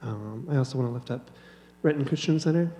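A man from the congregation leading a spoken prayer in a church, halting, with many filler ums. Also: medium pitch, warm tone, breathy edge.

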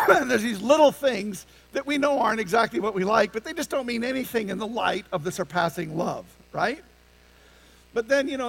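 A man's voice: sits high, vocal fry, rough recording. A male pastor preaching a conversational sermon to his congregation, often stopping to ask them rhetorical questions. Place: church sanctuary with a congregation.

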